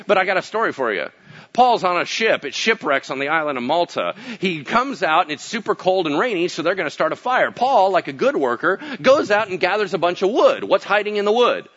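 A male pastor preaching a casual sermon, telling stories with acted-out quotes and swinging from booming to hushed. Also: big pitch swings, fairly quick, highs cut off.

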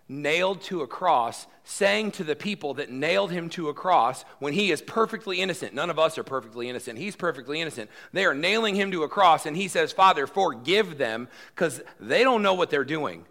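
A man's voice: on the high side, expressive, brisk, vocal fry, fairly bright tone. Emphatic conversational male preacher. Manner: emphatic, conversational, acts out quotes. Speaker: pastor. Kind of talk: sermon.

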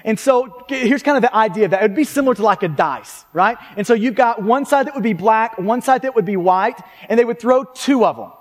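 A pastor with a voice very high for a man preaches in a chatty, conversational style, speaking briskly with lively intonation and few pauses. He keeps checking in with listeners through frequent tag questions and often restarts his sentences. His words fade into the long reverb of a large church hall.

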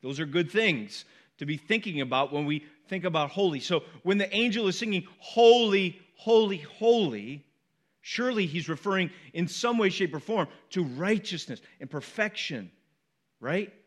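A man's voice: high voice, lively intonation, moderate pace, fairly bright tone. A middle-aged man preaching a sermon, emphatic and conversational, repeating key words with rising force and checking in with his listeners. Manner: conversational asides to the congregation. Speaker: pastor.

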